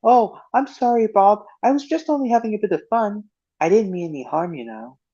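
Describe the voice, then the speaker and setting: Fan impression: a man voicing a cheeky cartoon scarecrow, high and whiny, lo-fi chat audio. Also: fairly quick, creaky, mellow. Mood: sheepish. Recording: lo-fi online voice chat.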